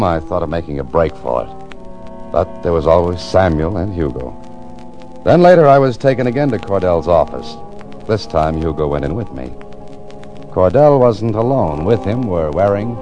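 Dan Holliday, a deep wry hero. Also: male voice, muffled recording. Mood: narrating. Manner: wry, tense, narrates in first person. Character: hard-boiled male writer-adventurer, wry. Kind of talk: 1940s radio acting.

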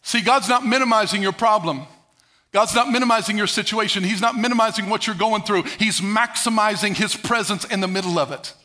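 Male pastor, sermon delivery, high voice with a bright edge, dramatic shifts from booming to hushed. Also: fairly quick. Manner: emphatic, swings between loud declarations and hushed asides.

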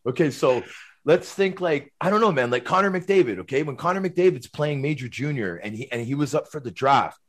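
Brief: middle-aged male guest, chatty storyteller, meandering and lively. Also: mid-range voice, fairly quick. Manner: rambling, animated, tag questions like "right?" and "man". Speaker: guest, former hockey player. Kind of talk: casual storytelling.

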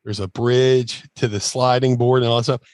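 A man with a medium-pitched voice speaks at a normal speed, telling a casual anecdote as a guest. He's an animated storyteller who rambles with fillers and restarts, acting out quotes in shifting voices.

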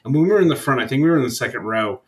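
A young man chats on a podcast about a trip. He rambles and fills his pauses, curses freely, and keeps an easygoing tone. His voice sits at an ordinary middle pitch. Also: lively intonation, rough recording. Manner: rambling, profane, laid-back storytelling with frequent fillers. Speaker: podcast co-host. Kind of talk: casual chat.

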